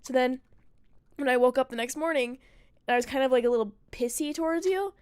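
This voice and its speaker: A woman's voice: high voice, a little fast, a little mellow, clean tone, dry recording. A woman streamer telling a story in casual chat, rambling and profane, full of "like" fillers.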